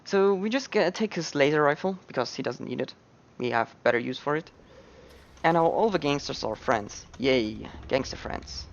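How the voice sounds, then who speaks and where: A man's voice: on the high side, moderate pace, muffled recording. A man giving casual, joking commentary on a speedrun into a headset. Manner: relaxed, joking asides.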